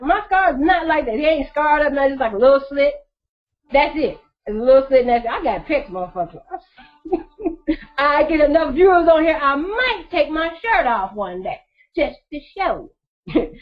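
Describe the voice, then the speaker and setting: A woman telling her story casually to her viewers, blunt and profane, laughing often. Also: sits high. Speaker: vlogger. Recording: dull lo-fi recording.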